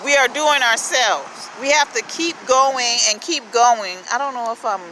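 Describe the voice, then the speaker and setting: A woman's voice: on the high side, a little slow, pushed and bright, poor audio. A woman giving a casual motivational talk in a blunt, repetitive way, swearing freely as she urges listeners to speak up and look after themselves. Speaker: motivational vlogger. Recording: outdoor street noise.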